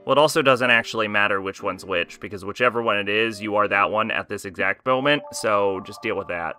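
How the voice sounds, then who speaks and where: A man's voice: lowish voice, fairly quick, sharp tone, faint music behind. A man streaming a video game live, commenting in a wry, offhand, joking way.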